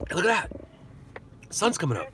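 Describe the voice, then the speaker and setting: A man's voice: sits high, huge pitch swings, a little fast, fairly bright tone, a little hiss or hum. A middle-aged man from Southern California hosting a casual live stream, chatting and laughing as he answers viewers. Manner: rambling, chatty, laughs often. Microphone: phone.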